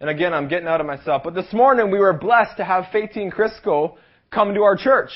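Young male pastor, high voice, energetic rally sermon, muffled lo-fi recording. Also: a little fast. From Canada. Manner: energetic preaching, asks the crowd for amens, rises to shouts. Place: youth rally hall.

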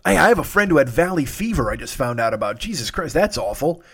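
A man's voice: on the high side, sing-song, quick pace, a bit bright, slightly rough. A man hosting a solo comedy podcast, tired and sniffly, rambling and swearing with self-mocking humor.

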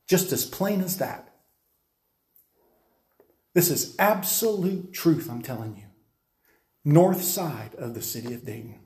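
A man's voice: a little high, lively intonation, unhurried. A man preacher giving a dramatic testimony, insistent and emphatic, acting out scenes as he talks. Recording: roomy echo.

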